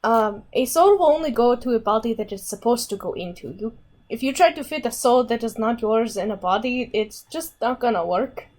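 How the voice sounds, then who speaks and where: A woman joins in a tabletop game session, talking in an animated, giggly way. Her voice is very high. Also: moderate pace. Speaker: player. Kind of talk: tabletop role-play chat.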